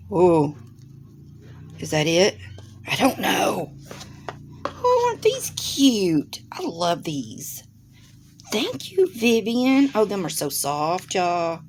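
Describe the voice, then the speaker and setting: A woman hosts a casual unboxing chat, speaking slowly and on the lower side. She talks straight to her viewers with lots of excited exclamations. A faint hiss sits under the voice, recorded at a desk in her home. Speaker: craft channel host. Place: home room with a desk by a window.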